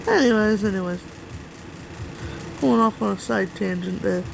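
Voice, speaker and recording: A woman's voice: mid-range voice, normal speed, vocal fry, background noise. A woman hosting a reaction video in casual, rambling commentary, talking to herself and swearing now and then. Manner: rambling, swears, talks to herself while browsing.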